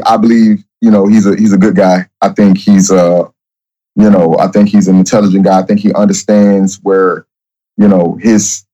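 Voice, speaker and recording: Halting, repetitive man guest. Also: lowish voice, mellow, highs cut off. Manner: halting, repeats words and restarts often. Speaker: guest, former reality show contestant. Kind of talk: casual interview chat.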